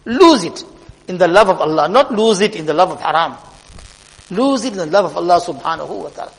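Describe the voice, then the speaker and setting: A man's voice: high-pitched, expressive, a little fast, vocal fry. A man giving a sermon, telling a story earnestly and weaving in religious terms. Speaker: preacher. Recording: long hall reverb.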